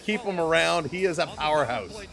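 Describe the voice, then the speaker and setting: Man, high-pitched voice, casual live-stream play-by-play, chatty, greets viewers by name. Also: expressive, vocal fry, music in the background. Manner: rapid play-by-play calling of hockey action. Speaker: live-stream sports host.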